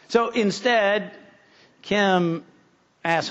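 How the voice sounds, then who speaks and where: A man's voice: sits high, animated, a little slow, fairly bright tone. A middle-aged male pastor preaching a sermon in an earnest way, often restarting and building to emphatic peaks. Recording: slightly dull lo-fi recording.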